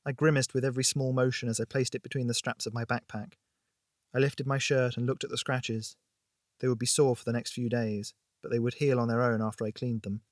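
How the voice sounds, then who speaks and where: A man narrating a thriller audiobook in a steady, expressive storytelling voice. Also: medium pitch, fairly quick, dry recording, clean studio sound.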